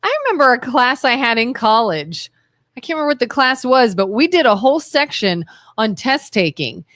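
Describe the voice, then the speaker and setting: A woman's voice: fairly high pitch, big pitch swings, normal speed, a bit bright, dry recording, clean studio sound. A woman co-hosting a radio talk show, chatty and telling stories, with an Ohio accent. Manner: chatty, storytelling. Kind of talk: casual conversational talk. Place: radio studio.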